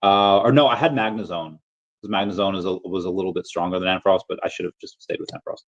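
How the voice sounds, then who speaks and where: This livestream host has a low voice and speaks quickly, chatting loosely with viewers and constantly restarting or filling gaps. The recording sounds dull and lo-fi.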